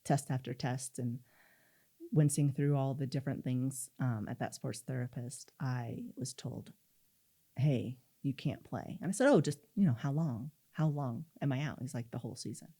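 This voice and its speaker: A woman's voice: rumbling low, moderate pace, slightly rough. A middle-aged woman telling a personal story in an interview, acting out the dialogue she quotes. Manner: animated, acts out quoted dialogue. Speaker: guest.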